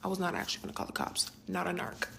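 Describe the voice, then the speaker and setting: A young adult woman narrating a personal storytime vlog in a casual, slangy and animated way, with rhetorical asides to the listener. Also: on the low side, rapid-fire, creaky.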